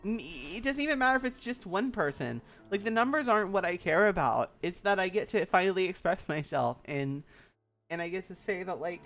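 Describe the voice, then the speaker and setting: A woman's voice: fairly low pitch, lively intonation, fairly quick, fairly bright tone, soft background music. Earnest rambling streamer woman. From Southern United States. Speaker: VTuber streamer. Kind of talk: casual personal stream talk.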